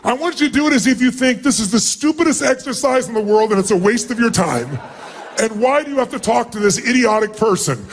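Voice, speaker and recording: A middle-aged man as a motivational speaker, addressing a huge live seminar crowd in an emphatic, commanding way and often shouting instructions. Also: very high-pitched, lively intonation, fairly quick, slight background noise. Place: large event hall with thousands of people.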